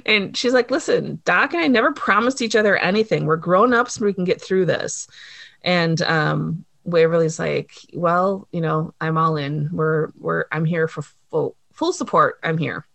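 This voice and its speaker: A woman in casual chat recapping a TV episode, animated and laughing often, acting out the characters' lines. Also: lowish voice, normal speed, creaky, no echo. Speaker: podcast co-host recapping a TV episode.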